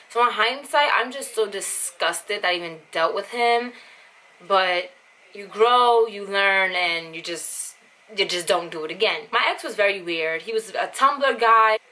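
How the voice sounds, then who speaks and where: Bright-voiced, blunt young woman vlogger. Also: medium pitch. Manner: blunt, animated, full of "like". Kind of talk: casual storytime monologue.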